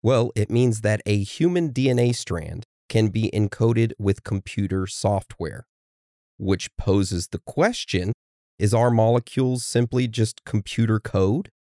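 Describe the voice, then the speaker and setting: A man's voice: on the low side, unhurried, mellow, dry recording, clean studio sound. A man co-hosting a podcast in casual chat, steering the episode and reading from notes. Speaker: podcast co-host.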